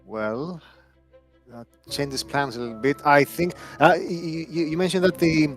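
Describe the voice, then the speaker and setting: A man playing a tabletop horror game who speaks haltingly and stammers, acting as a haughty doctor. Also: fairly high pitch, steady tone, over music. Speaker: player. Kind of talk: tabletop role-play.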